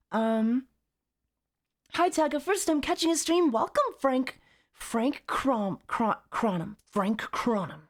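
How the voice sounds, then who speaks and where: A young adult woman streaming as a VTuber, chatting casually and reading chat aloud in a teasing, playful way. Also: medium pitch.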